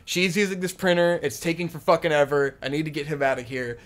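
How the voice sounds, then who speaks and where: A man's voice: a little high, fast. A young man casually telling a long story on a podcast, rambling and swearing, with a lot of "like" fillers. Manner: rambling, profane, lots of "like" fillers. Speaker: podcast co-host.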